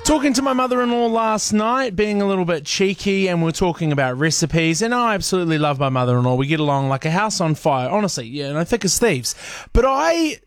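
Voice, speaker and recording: A high-voiced man hosts breakfast radio, chatting playfully with laughing asides. His voice is close and dry, with faint music beneath. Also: animated, fairly quick, smooth, no echo. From New Zealand. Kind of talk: casual radio chat.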